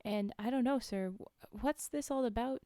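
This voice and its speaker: Woman voicing a jittery male test subject, hesitant, halting, mellow tone, dry sound. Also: on the high side, no echo, natural voice. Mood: nervous.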